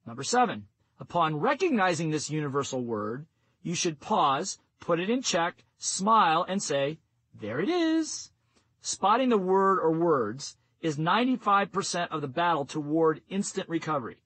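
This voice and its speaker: Man, audiobook narrator, scripted narration, steady instructive delivery, somewhat high-pitched. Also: moderate pace, low-quality recording.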